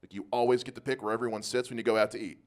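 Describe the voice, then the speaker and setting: A man's voice: medium pitch, steady tone, racing. Self-deprecating male stand-up comic. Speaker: stand-up comedian. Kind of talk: stand-up comedy set.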